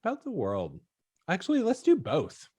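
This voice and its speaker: A man's voice: fairly high pitch, wildly swooping pitch, moderate pace, darkish tone, slightly rough, dry recording, clean studio sound. A man hosting an interview, asking questions and giving short, supportive replies. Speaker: interview host.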